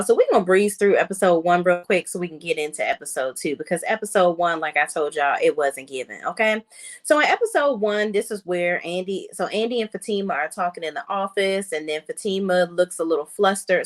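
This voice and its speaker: A woman host giving a sassy, animated, casual recap of a TV episode straight to her viewers. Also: on the low side, a little fast. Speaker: reality TV reviewer.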